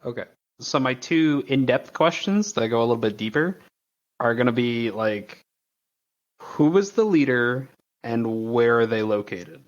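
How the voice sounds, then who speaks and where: A man's voice: mid-range voice, expressive, a little slow. A man at a tabletop game, asking eager questions and talking through his moves casually. The sound is dull and lo-fi. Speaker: player. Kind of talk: casual chat. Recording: dull lo-fi mic.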